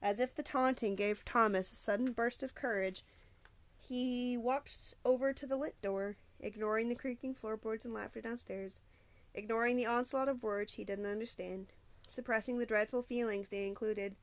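A woman narrating a novel aloud with steady storytelling and occasional small slips. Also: on the high side, normal speed. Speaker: audiobook narrator.

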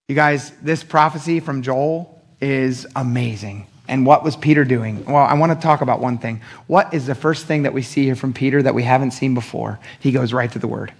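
Here a pastor preaches his Sunday sermon at a moderate pace, his mid-range voice carrying a breathy edge. The style is slangy and relaxed, and he frequently acts out quoted speech from the story.

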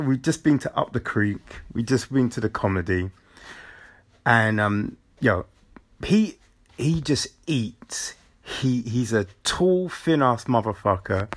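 Young man, lively storyteller, lots of pitch swing, unhurried delivery. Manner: animated, chuckling storyteller. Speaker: vlogger. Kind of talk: casual storytelling vlog.

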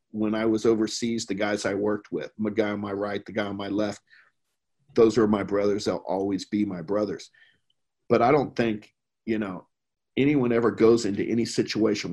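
A middle-aged American man speaks in a husky, slightly breathy voice, pitched a little low. He talks earnestly and emphatically, circling back and restarting his thoughts as he makes his point in relaxed conversation. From United States. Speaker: podcast guest, veteran who worked overseas. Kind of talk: casual conversation.

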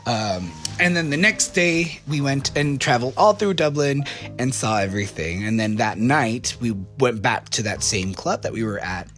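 A man's voice: medium pitch, lively intonation, normal speed, a bit bright, faint music behind. An American man casually telling a personal story, rambling and correcting himself with lots of fillers. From United States.

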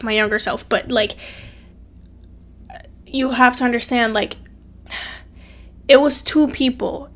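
A woman's voice: a little high, a bit bright. A woman talking to her camera, telling a personal story in an earnest, emotional way, full of "like" fillers and repeated phrases, close to tears at times. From outside the US. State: tearful at times. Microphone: phone or camera.

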